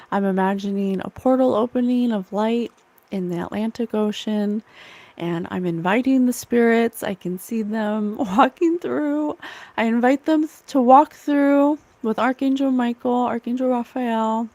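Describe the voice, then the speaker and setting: A woman's voice: fairly high pitch, unhurried, darkish tone, dry recording. A woman hosting a livestream as a psychic medium, channeling spirits in an emotional, earnest way and laughing often.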